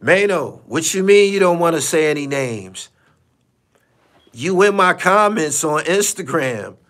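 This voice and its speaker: A man's voice: on the high side, big pitch swings, a little slow, a bit bright. A man hosting a live stream, talking bluntly and profanely and repeating himself for emphasis. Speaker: podcast host. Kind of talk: casual live-stream commentary.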